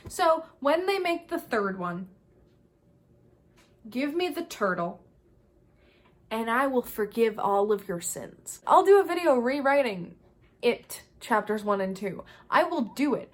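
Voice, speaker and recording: Vlogger woman, fairly high voice, animated and exasperated casual rant. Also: measured pace, long pauses. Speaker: video creator. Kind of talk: casual review vlog.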